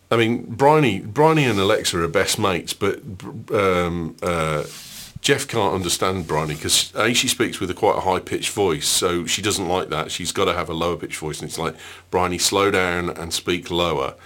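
A man's voice: deep voice, normal speed, fairly bright tone. A man casually chatting as a podcast co-host, telling family anecdotes and laughing at them. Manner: anecdotal storyteller, laughs at his own stories. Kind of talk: casual chat.

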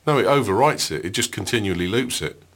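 A man's voice: fairly low pitch, lively intonation, quick pace, crowd noise. A man casually chatting as a podcast co-host, telling family anecdotes and laughing at them. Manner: anecdotal storyteller, laughs at his own stories. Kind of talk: casual chat.

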